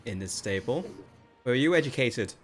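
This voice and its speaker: A man voicing a sassy, easily offended female cart horse in a tabletop game, with dry, quick comebacks. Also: mid-range voice, faint music behind, natural voice. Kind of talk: tabletop role-play voicing.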